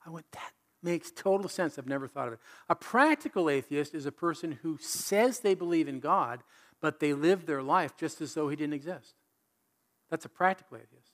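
A man preaching a sermon in an animated, conversational way, full of rhetorical questions. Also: fairly high pitch, normal speed. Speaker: pastor.

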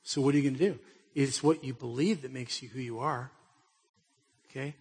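A man's voice: medium pitch, fairly even intonation, moderate pace, a little mellow, slightly rough, long reverb tail. A middle-aged man preaching a sermon as a pastor, telling stories in a conversational way and putting pointed questions to his listeners.

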